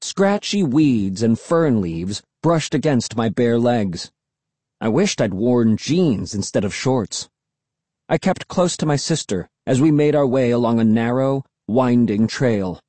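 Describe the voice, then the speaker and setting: Husky, mellow-voiced male narrator, lively storybook delivery, dry close mic. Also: mid-range voice, takes it slowly, no room sound. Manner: expressive, first-person storytelling. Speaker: audiobook reader.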